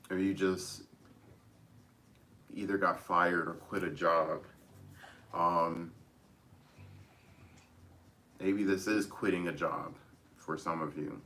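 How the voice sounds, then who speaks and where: A man giving a casual tarot reading, rambling with many restarts as he gently advises his listeners. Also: sits low. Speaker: tarot reader.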